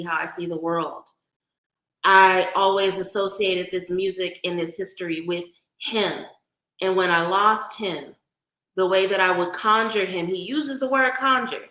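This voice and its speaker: Hosting a livestream, an Oakland, California woman with a slight Bay Area accent chats with viewers and calls them out by name. Her mid-range voice is sharp-toned, and the low-quality audio echoes.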